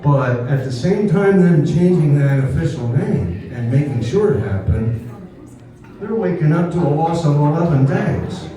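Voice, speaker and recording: A man's voice: on the high side, expressive, unhurried, mellow. A man giving an informal, chatty history talk to a live audience, often checking in with "okay?". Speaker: history speaker. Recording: distant, very echoey room.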